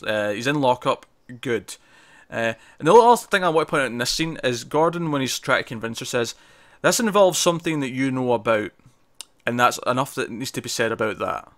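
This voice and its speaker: Bright-voiced man chatting about TV. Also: mid-range voice, lively intonation, fast, few pauses. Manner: chatty, frequent fillers and restarts. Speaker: podcast co-host. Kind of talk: casual TV review discussion.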